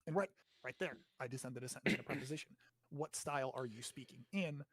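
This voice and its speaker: An American man hosts a casual grammar lesson, explaining things chattily, often checking in with "right?" and swearing now and then. His voice is medium-pitched and fairly bright, quick-paced, in a dry, studio-quality recording.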